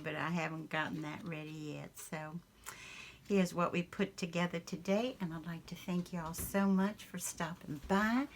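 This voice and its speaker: A woman with a Southern US accent, hosting a craft channel and chatting casually in a folksy storytelling way. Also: low-pitched.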